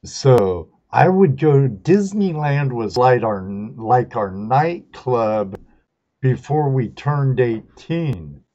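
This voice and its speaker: A man's voice: mid-range voice, expressive, very slow, mellow. A middle-aged man from Southern California, hosting a live stream and rambling through stories, laughing at himself. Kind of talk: casual chat. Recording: dull lo-fi stream audio.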